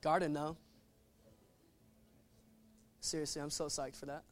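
A man preaching a sermon in an animated, playful way, acting out little quotes as he goes. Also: a little high, a little slow.

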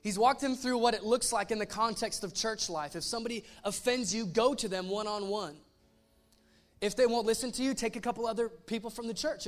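A pastor preaching a casual, animated sermon, retelling a story with voiced asides. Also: male voice, sits high.

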